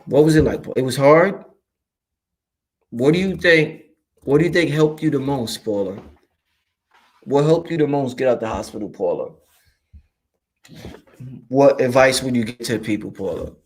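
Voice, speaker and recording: A man's voice: mid-range voice, normal speed, pauses often. A man from Brooklyn, New York hosting a casual livestream, talking loosely and profanely while reading and answering viewer chat. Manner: animated, profane, streetwise, addresses viewers directly.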